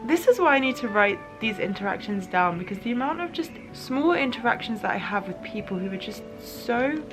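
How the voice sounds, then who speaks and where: A woman's voice: fairly high pitch, animated, fairly quick, over music. A young woman in her twenties, talking through her thoughts in a reflective, emotional diary-style vlog. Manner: emotional, musing, tearful at times. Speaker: vlogger.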